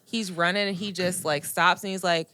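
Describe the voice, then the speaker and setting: A young woman co-hosting a casual podcast, talking in an animated, opinionated way with quick asides. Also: on the low side. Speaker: podcast co-host. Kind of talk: casual chat.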